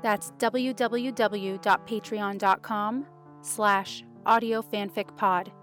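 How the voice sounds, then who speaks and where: A woman reading fan fiction aloud for a podcast in a measured, unhurried way. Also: medium pitch, steady tone, fairly bright tone, faint music behind. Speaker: podcast reader.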